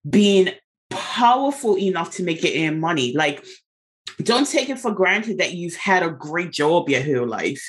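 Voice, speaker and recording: A woman's voice: lowish voice, sing-song, measured pace. Brief: woman podcast host, emphatic and encouraging, conversational. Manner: emphatic, encouraging, uses rhetorical "right?" and "listen".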